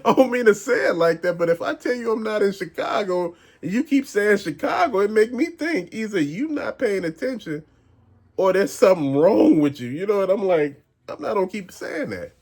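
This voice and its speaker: A man's voice: sits high, very animated, normal speed, darkish tone. A man hosting a rambling conspiracy-theory rant, talking in an emphatic, slangy way. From American South. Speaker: channel host.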